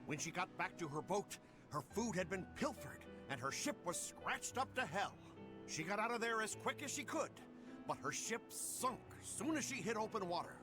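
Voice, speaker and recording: A man voicing a gruff male sailor in a video game, telling a rumor in a folksy drawl. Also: high-pitched, sing-song, moderate pace. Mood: gossipy. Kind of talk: game voice acting. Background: game music.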